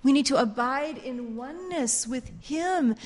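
A woman's voice: sits high, expressive, unhurried, a little mellow. A woman teaching a Bible class in a fervent, repetitive preaching style. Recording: long hall reverb.

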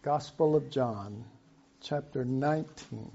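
A man preaching a sermon, slow and conversational, reading scripture and breaking off into asides. His voice sits fairly high but mellow. The recording sounds dull and lo-fi. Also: vocal fry, a little hiss or hum.

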